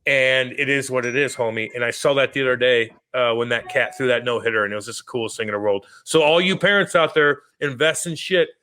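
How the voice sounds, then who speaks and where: Profane, animated man telling stories. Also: medium pitch, fast, few pauses, a little hiss or hum. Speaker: podcast co-host. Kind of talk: casual chat.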